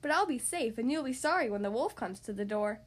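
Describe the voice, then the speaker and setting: A woman's voice: fairly high pitch, animated, fairly quick. A woman voicing a sober, hardworking little pig in a storybook read-aloud, firm and reassuring. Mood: steady.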